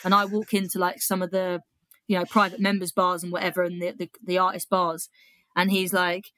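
A woman's voice: fairly low pitch, level tone, a little fast, fairly bright tone, no echo. A young British woman, a comedian and poet, telling a story casually with swearing and laughter, then reading a poem aloud. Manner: chatty, swears freely, laughs between lines.

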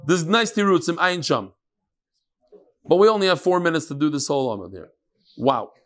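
A man teaches a lively Talmud class, joking with his students and sprinkling in Hebrew and Yiddish terms. He talks briskly in a fairly high voice.

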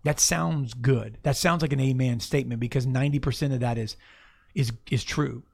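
Speaking at an ordinary pace, this pastor has a mid-range, somewhat mellow voice with some vocal fry. His sermon is improvised and conversational, full of restarts, and he keeps asking the congregation to find verses.

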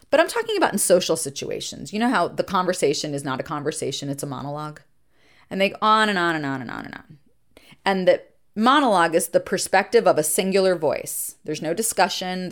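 A middle-aged woman therapist hosting a reflective podcast monologue, earnest and emphatic, slowing down to stress points and speeding through asides. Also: deep voice. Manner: earnest and emphatic, shifting between slow deliberate stresses and quick asides.

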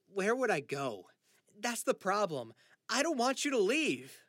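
A grieving adult son, anxious and raw, who pleads and slips into sarcasm, as a man voices him in an audiobook. His voice rides high and swings widely. It is a close, dry recording. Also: big pitch swings, unhurried, a bit bright, no room sound, heavily acted. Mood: pleading, upset.

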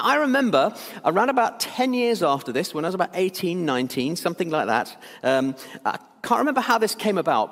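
British man preaching in a reverberant church. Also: a little high. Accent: British English. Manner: chatty, anecdotal, many fillers and restarts. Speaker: pastor. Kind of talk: sermon storytelling. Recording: long church hall reverb.

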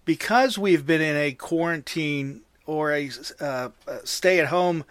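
A man's voice: on the high side, slow pace, fairly bright tone, clean tone, dry recording. A man in his fifties hosting an interview, asking friendly, admiring questions. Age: 50s. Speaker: interview host. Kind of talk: casual interview.

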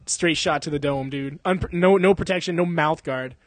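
A young man hosting a casual chat, swearing freely, laughing often and telling animated stories. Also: on the high side, normal speed, dry recording. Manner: profane, laughing, animated storytelling. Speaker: podcast host.

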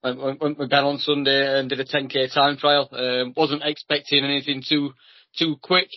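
Bloke chatting on a podcast, easygoing, stumbles a bit, dry dull sound. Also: male voice, mid-range voice, flat delivery, normal speed, no echo. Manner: laid-back, hesitant with restarts. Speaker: podcast co-host. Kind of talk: casual podcast chat. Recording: dry lo-fi recording.

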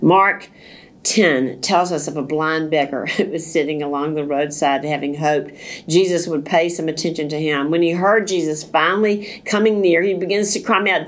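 Low-voiced woman reading a devotional. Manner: slow, deliberate, earnest reading with occasional slips and restarts. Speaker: devotional reader.

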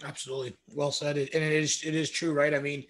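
A man's voice: fairly high pitch, flat delivery, fairly bright tone. Rambling man hosting an interview. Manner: rambling, halting questions. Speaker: host. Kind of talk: casual interview.

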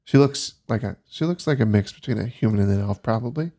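Narrating quickly in a lowish voice, another game master leads a tabletop session. He sounds relaxed but hesitant, leaning on lots of fillers.

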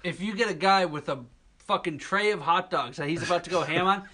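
A man's voice: high voice, brisk, sharp tone. A male podcast co-host in casual banter, throwing in crude jokes. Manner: crude joking interjections.

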